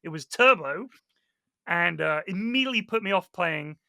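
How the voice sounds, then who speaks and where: Brief: man, podcast guest, high and very bright voice, dry close sound, swears freely. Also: normal speed, vocal fry, dry recording. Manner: animated storyteller, swears a lot, mimics other players. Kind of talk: casual podcast chat.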